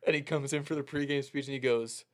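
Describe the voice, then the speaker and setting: A man's voice: medium pitch, quick pace. Man telling a story with laughter. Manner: animated, laughs through punchlines, acts out coaches' lines. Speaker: podcast co-host telling a story. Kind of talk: casual storytelling.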